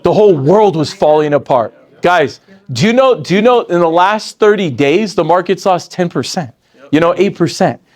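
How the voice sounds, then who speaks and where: A sales training speaker in his forties, a man with a high voice, delivers an energetic motivational talk at a normal pace. He heightens his excitement with abrupt leaps in pitch, then settles into a low, calm tone whenever he quotes someone.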